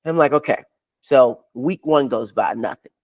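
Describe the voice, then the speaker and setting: A man, a podcast guest, telling a long story with excitement and acting out other people's lines as he goes. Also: mid-range voice, normal speed, lo-fi sound. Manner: swears freely. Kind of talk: animated storytelling.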